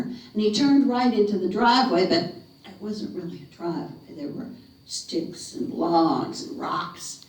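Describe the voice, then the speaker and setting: A woman from North Carolina telling a ghost story dramatically, slowing and dropping to a whisper for suspense, in a living room of a retirement community. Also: medium pitch, a little mellow. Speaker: folk storyteller. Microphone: room camera mic at a distance. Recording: echoey room, mic far off.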